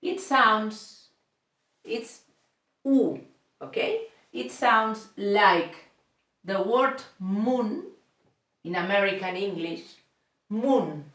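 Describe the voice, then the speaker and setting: Woman teacher, unhurried and repetitive, roomy echo. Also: medium pitch, expressive, a bit bright, distant mic. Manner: slow and deliberate, repeats each sound with frequent "okay?" checks. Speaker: Spanish teacher. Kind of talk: slow step-by-step language lesson. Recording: echoey room, voice off the mic.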